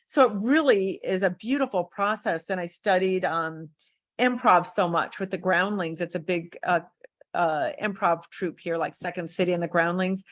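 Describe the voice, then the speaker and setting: A woman's voice: fairly low pitch, moderate pace, no echo. A woman from San Diego chats in an interview as a therapist and speaker. She tells her stories with energy and slips into the voices of the people in them. The sound is a little muffled and dry. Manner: animated storyteller acting out quoted voices. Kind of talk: casual interview chat.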